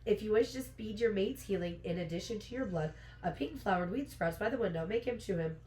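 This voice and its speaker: A woman's voice: mid-range voice, expressive, fairly quick, darkish tone, slight background noise, close to an everyday voice. Woman reading as an ancient cryptic creature, stained teeth, novel read-aloud, roomy echo.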